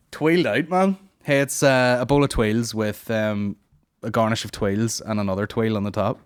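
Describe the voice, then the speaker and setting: A man's voice: on the low side, unhurried, clean tone, no echo, studio quality. A young man hosting a comedy podcast, rambling and swearing in a casual monologue. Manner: rambling, profane, puts on silly voices.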